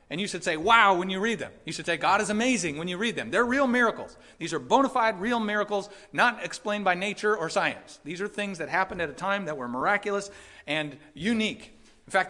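A man preaching a sermon as pastor, emphatic, repeating his points and swinging from loud declarations to quiet earnest passages. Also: high voice.

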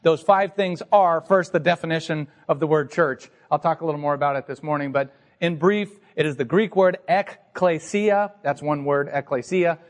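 A man's voice: on the high side, normal speed, in a large hall. A man pastor preaching an emphatic, teacherly sermon to his congregation in a church sanctuary.

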